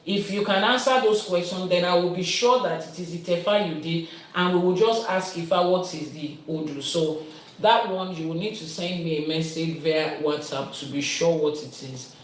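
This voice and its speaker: A woman's voice: fairly low pitch, moderate pace. A Nigerian woman, an Ifa priestess, patiently explains and answers viewer questions in a live-streamed teaching, building her points through everyday analogies. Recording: very echoey room, voice from a distance.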